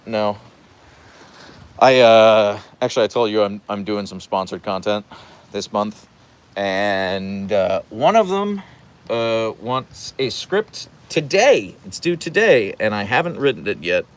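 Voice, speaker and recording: A man's voice: on the low side, very animated, slow pace, clean tone. A man hosting a casual livestream from home, reading out the chat and rambling playfully, slipping into voices when he retells stories.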